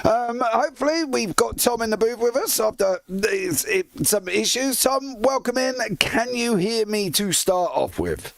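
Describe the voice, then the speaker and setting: Gravelly, chatty race commentator. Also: male voice, very high voice, animated, a little slow, few pauses, a bit bright, no echo. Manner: chatty, upbeat, self-deprecating. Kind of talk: sim racing commentary.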